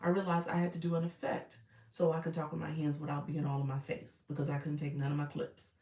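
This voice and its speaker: A woman talks fast in a low, monotone, darkish voice as she coaches live-stream viewers. Chatty and colloquial, using y'all and ain't, she greets people by name mid-sentence as they come in. The recording is roomy, with the mic at a distance.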